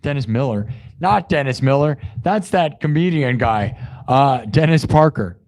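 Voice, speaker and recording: A young streamer, hoarse with a sore throat after yelling for hours, effusively thanks his audience in a loose, casual ramble. He shifts between loud bursts of hype and hushed asides, using a mid-range, expressive voice at an unhurried pace.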